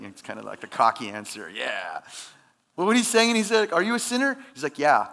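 A man's voice: mid-range voice, wildly swooping pitch, moderate pace, vocal fry, pushed and bright. A man preaching a sermon in an earnest, conversational way, with emphatic rises. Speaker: pastor.

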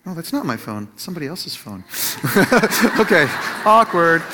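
A man with a notably high voice preaches through a personal story, full of restarts and little laughs. He acts out the quotes as he goes, then drops into a softer, slower voice for his points. Middle-aged and addressing his listeners directly. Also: big pitch swings, noisy background. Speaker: Christian teacher or pastor.

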